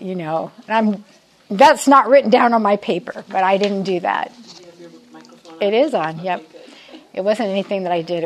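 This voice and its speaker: A woman in her sixties giving a casual church talk to a women's Bible study, chatty and self-deprecating, laughing often and a little nervous, with frequent restarts. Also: medium pitch. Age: 60s.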